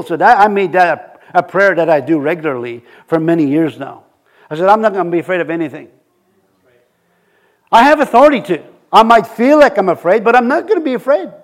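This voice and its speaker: A middle-aged man preaching a sermon in a conversational way, often repeating words and building to emphatic points. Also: high voice.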